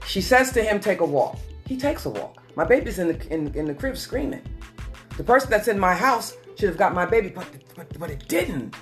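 A woman telling a personal story as a guest in an earnest, repetitive way, slowing down for emphasis. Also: mid-range voice, sing-song, faint music behind. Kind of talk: emotional personal testimony.

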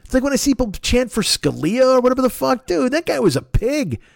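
A man's voice: very animated, a little fast, creaky, dry recording, studio quality. A man, the host, delivering a heated, profane comedic political rant. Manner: heated, profane, sweeping swings in pitch.

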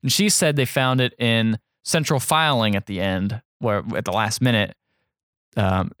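A man's voice: on the low side, unhurried, a bit bright, clear, resonant tone, no room sound, clean studio sound. A man co-hosting a podcast, casually retelling a film scene by scene and quoting its lines. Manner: rambling recap full of quoted dialogue. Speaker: podcast co-host. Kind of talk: casual movie recap chat.

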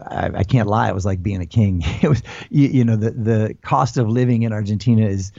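An American man in his forties, rambling through his answers with restarts and fillers. His voice is dark and mellow. The sound is dry and slightly dull, as if over a remote call. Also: lowish voice, brisk, gravelly, no room sound. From United States. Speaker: guest. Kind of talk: casual interview talk.

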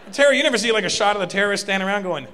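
Stand-up comedian, male, from Canada: bright and punchy, recorded live in a reverberant hall. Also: high voice, rapid-fire, a little hiss or hum. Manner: animated storytelling, punchy exaggerated delivery. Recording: live hall with audience laughter.

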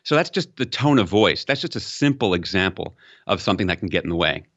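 Explanatory low male guest. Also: lively intonation, quick pace, a bit bright, lo-fi sound. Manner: explanatory, uses examples, rises in pitch for emphasis. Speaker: communication expert guest. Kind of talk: interview conversation.

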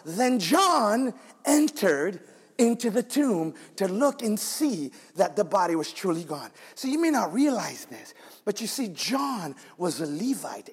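A male guest preacher giving an animated, dramatic storytelling sermon on a handheld microphone, calling out to his congregation, with a husky voice. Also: high voice. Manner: animated, emotive, calls on the congregation. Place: church sanctuary. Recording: long reverb in a large church hall.

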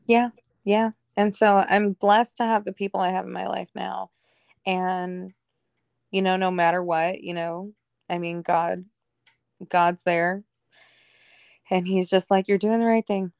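A woman's voice: lowish voice, flat delivery, slow, gravelly, pauses often, smooth, dry recording, clean studio sound. A young woman telling her life story candidly in a casual podcast chat, laughing often and acting out what others said. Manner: candid, laughs often, acts out quoted people. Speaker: podcast guest.

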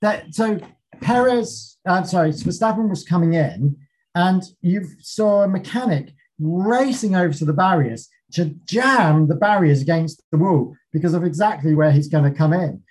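A man with a slightly raised pitch recaps a race for a podcast. He speaks in clipped fragments, fills the gaps with ums, and swears without a second thought. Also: normal speed, a little mellow, breathy edge, low-quality recording. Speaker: podcast co-host. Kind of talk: casual race recap from notes.

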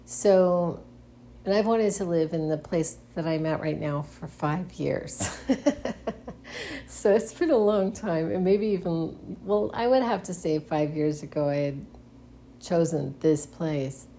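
A woman's voice: sits low, slow, dark tone, slight background noise. A middle-aged woman hosting a casual solo monologue, speaking hesitantly with frequent restarts and nervous giggles. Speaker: podcast host.

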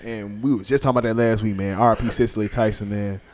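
A man co-hosting a podcast, playful and expressive. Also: on the low side, fast talker, a little hiss or hum. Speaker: podcast co-host. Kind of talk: casual chat.

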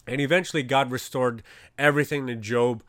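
A man speaks in a casual, rambling way, sharing a faith testimony and leaning on "you know, like" over and over. His voice is smooth and resonant, at a middling pitch, and the sound is close and dry with no room echo. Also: fairly even intonation, fairly quick, fairly bright tone. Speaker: Christian speaker.

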